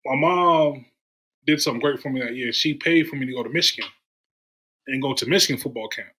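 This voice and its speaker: Bright-voiced man telling sports stories. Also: medium pitch, a little fast, rough recording. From Durham, North Carolina. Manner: animated storyteller, acts out quoted voices. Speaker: podcast guest. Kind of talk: casual storytelling chat.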